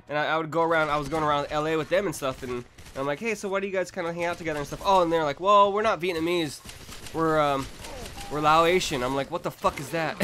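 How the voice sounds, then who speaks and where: A man's voice: on the high side, fairly bright tone, slight background noise. A young man in his twenties telling a rambling, profane story for his vlog, full of restarts and laughs. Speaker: vlogger.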